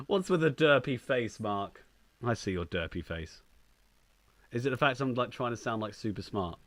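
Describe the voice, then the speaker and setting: A man's voice: mid-range voice, expressive, normal speed, a bit bright, dry recording. A man casually commenting on the game he is playing as a streamer, chatty and playfully joking at his own expense. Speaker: gaming streamer.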